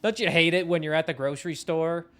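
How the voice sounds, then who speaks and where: A man's voice: a little high, fast talker, fairly bright tone. A young man streaming a game live, chatting in a rambling, self-mocking way and swearing casually. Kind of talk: casual live-stream chat while gaming.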